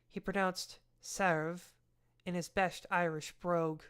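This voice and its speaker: Woman, audiobook reader, lowish pitch, steady novel narration. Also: slow pace, clean tone. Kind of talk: reading a novel aloud.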